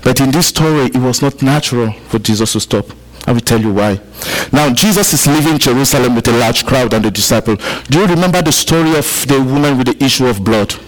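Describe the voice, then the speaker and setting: During a church service, an African pastor preaches to his congregation, repeating key points for emphasis and chatting with them. His medium-pitched voice moves fairly quickly, and the recording is rough.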